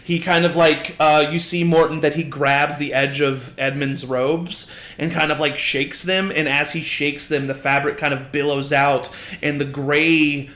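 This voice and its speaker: A man's voice: a little high, flat delivery, measured pace, hardly any pauses, fairly bright tone. A man narrating a tabletop game as game master, casual and often laughing. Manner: casual, laughing, many fillers. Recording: roomy echo.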